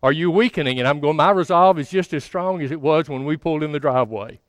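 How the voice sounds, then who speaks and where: High-voiced man in his sixties preaching. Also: fast talker, dry recording. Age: 60s. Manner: folksy, self-mocking, stammers and repeats words. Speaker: pastor. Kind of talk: storytelling sermon.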